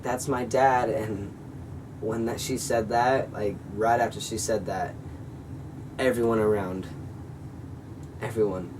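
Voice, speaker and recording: A man's voice: fairly low pitch, distant mic, background noise. Young man rambling through a story. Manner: rambling, filler-heavy, earnest retelling with acted-out quotes. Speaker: vlogger telling a personal story. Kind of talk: casual storytelling to camera.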